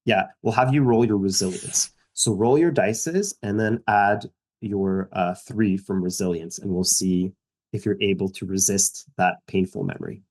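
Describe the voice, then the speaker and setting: A man's voice: low voice, moderate pace, a little mellow. A man narrating a tabletop game as game master, casual and rambling with lots of fillers.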